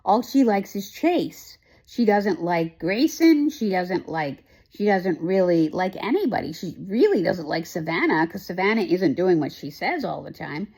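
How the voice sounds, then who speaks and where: A woman's voice: fairly low pitch, very animated, measured pace, few pauses, a little mellow, slightly rough. A woman hosting a casual chat, recapping a TV show with lots of emotion, rambling with many fillers and restarts. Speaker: host.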